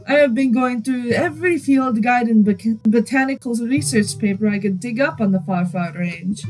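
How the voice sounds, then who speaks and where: A woman's voice: fairly high pitch, fairly bright tone, poor audio. A woman voicing an older male rancher with a put-on Spanish accent, speaking earnestly and dropping in Spanish words.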